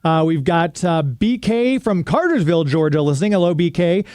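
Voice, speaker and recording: Mellow high-voiced male host. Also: expressive, normal speed, no room sound, studio quality. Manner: conversational, easygoing questions. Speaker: radio show host. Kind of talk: interview hosting.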